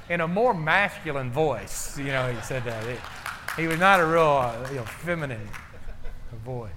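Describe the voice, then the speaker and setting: A man's voice: on the high side, pushed and bright, a little hiss or hum. A man preaching a folksy, joking sermon in a church, half-singing song lyrics. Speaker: pastor. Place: church sanctuary. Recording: echoey church hall with faint ambience.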